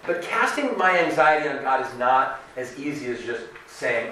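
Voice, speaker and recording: A man preaching a sermon in a conversational, animated way, acting out the voices of people he quotes. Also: on the high side, normal speed, very echoey, far from the mic, slight background noise, poor audio. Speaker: pastor.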